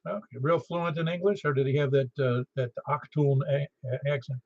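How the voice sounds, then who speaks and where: A man's voice: medium pitch, moderate pace, darkish tone, no room sound. Easygoing man running a radio net. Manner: chatty, easygoing. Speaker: net control host. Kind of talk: casual ham radio net chat. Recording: muffled radio audio.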